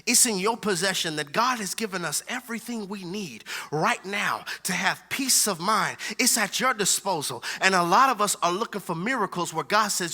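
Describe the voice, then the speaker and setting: High-voiced pastor guy preaching, funny and slangy, laughing a lot, super bright tone. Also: normal speed, few pauses. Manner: animated, humorous, slangy, laughing asides. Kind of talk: sermon.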